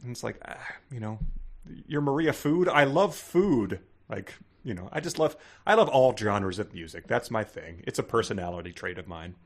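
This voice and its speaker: A man's voice: lowish voice, a little fast, hardly any pauses. A man co-hosting a podcast, recapping a children's book with a dry, sarcastic humor. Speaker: podcast co-host. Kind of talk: casual comedic book review.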